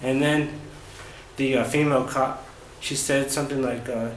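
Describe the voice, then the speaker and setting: A man vlogging about his travels, recounting events in a casual, halting way with many fillers and restarts. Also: mid-range voice, steady tone. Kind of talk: casual first-person storytelling. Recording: roomy echo with faint ambient noise.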